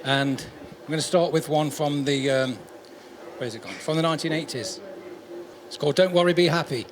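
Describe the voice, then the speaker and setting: A man's voice: on the high side, normal speed, slight background noise. A man busking on a town street, chatting to his camera and to passers-by in a friendly, rambling way. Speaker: busker and singer-songwriter. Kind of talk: casual vlog chat and street busking patter.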